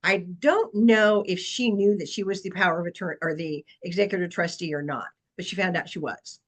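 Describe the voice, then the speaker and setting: A woman's voice: fairly low pitch, brisk, rough recording. A woman real estate agent presenting a webinar session, telling a long client story in an earnest, anecdotal way with frequent fillers.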